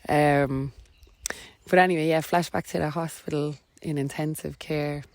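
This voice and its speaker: A woman's voice: low-pitched, fairly even intonation, normal speed, a little mellow, no room sound. A woman with an Irish accent, a podcast guest telling a personal story in a rambling, filler-heavy way with frequent laughs. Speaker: podcast guest, wellness coach.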